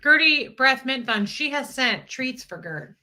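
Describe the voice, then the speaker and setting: A woman's voice: sits high, animated, a little slow, pushed and bright. A woman hosting a casual livestream, bubbly and giggly, reading out viewer messages. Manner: bubbly, giggly, reads viewer super chats. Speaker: livestream host.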